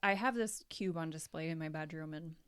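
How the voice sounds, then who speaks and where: A woman co-hosting a casual podcast chat, talking in an animated, chatty way and acting out what people say. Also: sits low, brisk, smooth. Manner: chatty, animated, acts out quoted voices. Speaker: podcast co-host.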